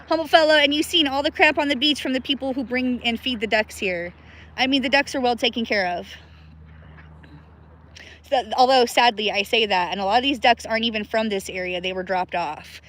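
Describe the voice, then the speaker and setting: Giggly high-voiced woman live-streaming. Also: a bit bright. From Pacific Northwest of the US. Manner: chatty, giggly, addresses viewers by name. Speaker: livestream host. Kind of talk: casual live-stream chat. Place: outdoors in a river.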